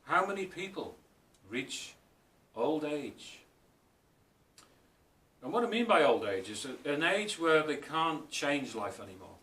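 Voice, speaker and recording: A man giving a spiritual talk as author and speaker, telling stories in a reflective way and slowing down for emphasis. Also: sing-song, sharp tone. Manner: storytelling, reflective, often slows for emphasis. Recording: roomy, distant mic, faint rumble.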